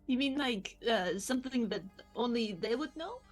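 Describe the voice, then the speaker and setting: A woman's voice: on the high side, animated, soft background music. A woman playing in a tabletop game, playful and joking. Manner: playful, laughing, unhurried. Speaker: player.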